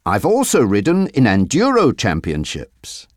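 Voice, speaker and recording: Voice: medium pitch, wildly swooping pitch, unhurried, no echo, clean studio sound. A narrator voicing a charming young motocross rider in a storybook reading.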